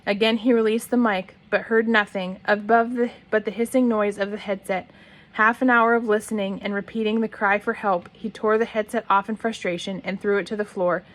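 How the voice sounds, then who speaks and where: A woman reading a novel aloud at a mid pitch. Her reading is plain and steady, with occasional restarts and a cleared throat now and then. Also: fairly quick. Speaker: reader.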